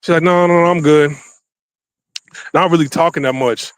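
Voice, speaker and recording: A man with a fairly high voice tells a dating story in loose, animated slang, acting out what each person said. He walks through a city holding his phone camera, and the sound is dry with no room echo. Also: normal speed, clean tone. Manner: animated, slangy, acts out quotes. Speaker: vlogger. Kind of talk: casual storytelling while walking. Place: outdoors in a city. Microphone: handheld phone camera.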